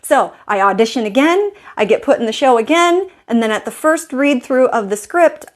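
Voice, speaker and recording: A woman's voice: high voice, lively intonation, normal speed. A woman style coach telling a personal story in a vlog, acting out her own inner thoughts as she goes.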